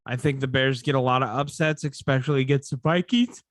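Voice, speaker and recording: A man's voice: medium pitch, fairly even intonation, a little fast, no echo, studio quality. A man hosting a casual sports betting podcast, sleepy and yawning, rambling and correcting himself as he talks. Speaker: podcast host.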